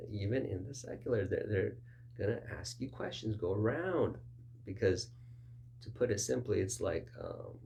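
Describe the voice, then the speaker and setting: A man's voice: a little mellow, slight background noise. A man preaching in a conversational sermon style, acting out little back-and-forth dialogues in a raised voice. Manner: conversational, acts out both sides of dialogues with raised pitch. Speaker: pastor.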